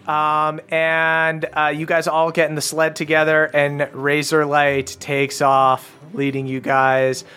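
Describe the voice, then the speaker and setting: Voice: medium pitch, monotone, slow pace, few pauses, sharp tone, clean tone. A game master narrating a comedic tabletop game in a loose, joking way, full of fillers.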